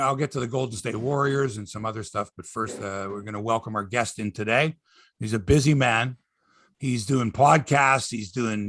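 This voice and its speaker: A man's voice: medium pitch, fairly bright tone, no room sound, clean studio sound. A middle-aged man hosting a sports podcast in casual chat, rambling, opinionated and joking. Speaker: podcast host.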